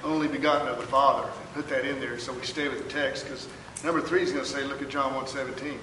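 A man's voice: mid-range voice, steady tone, quick pace, fairly bright tone. A man in a class offering a suggestion and explaining it step by step. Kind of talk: casual comment in a class. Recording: distant voice in an echoey room with background noise.

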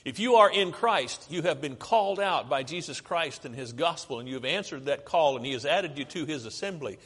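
In a church sanctuary with long hall reverb, a man preaches a sermon with slides, often posing questions to the congregation and answering them himself. His fairly high voice is expressive, brisk, fairly bright, and husky.

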